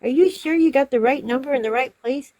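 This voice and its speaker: A woman voicing a flustered, half-awake woman customer who insists she is right, in a high, indignant tone. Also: moderate pace, no room sound, close to an everyday voice.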